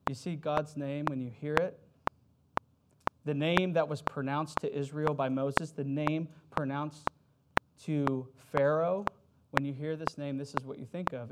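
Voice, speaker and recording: A man preaching a sermon in a conversational way, with fillers and self-corrections, who reads scripture with rising emphasis. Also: on the high side. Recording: loud background noise.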